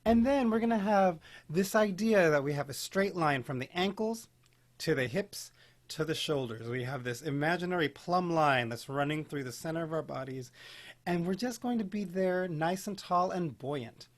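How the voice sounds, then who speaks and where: A man teaching an online beginning singing class, guiding breathing and posture and demonstrating vocal warm-ups in a playful, encouraging way. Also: fairly high pitch, animated, moderate pace. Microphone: home video call mic. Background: keyboard accompaniment.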